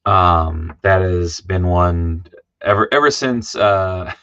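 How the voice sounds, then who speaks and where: Tired deep-voiced man chatting on a livestream. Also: slow, fairly bright tone, clean tone, dry recording. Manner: rambling, many fillers and restarts, reads chat aloud. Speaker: comic artist streaming live. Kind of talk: casual livestream chat. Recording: dry, dull lo-fi sound.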